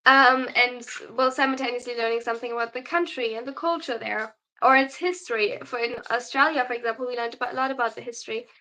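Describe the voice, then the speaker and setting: A young German woman, speaking English with a German accent as a non-native, answers viewer questions on her livestream in a tired, chatty way, reading the comments out loud. Her slightly high, sharp voice stays fairly even in intonation and moves quickly with hardly any pauses.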